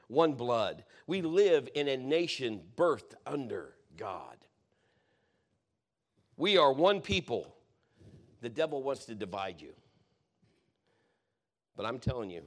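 A man's voice: mid-range voice, very animated, a little slow, long pauses. A man preaching, telling a personal story in a rambling, conversational way, often correcting himself. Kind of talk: sermon testimony storytelling.

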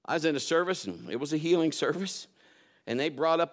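Male preacher, higher voice, storytelling sermon, punchy loud bursts dropping into soft asides. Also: lively intonation, a little fast. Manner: storytelling, swinging between loud emphatic bursts and quiet low asides.

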